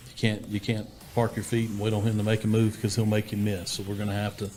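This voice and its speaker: A man, a head football coach answering interview questions in a steady, plainspoken way, full of fillers and restarts. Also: on the low side, quick pace, slight background noise.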